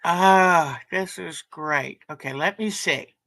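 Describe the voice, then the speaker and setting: An older woman hosts a relaxed livestream, chatting at an unhurried pace. Her voice is slightly low yet bright and forward, and she reads viewer comments aloud with easy enthusiasm. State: sleepy, yawning. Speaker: livestream host. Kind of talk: casual livestream chat.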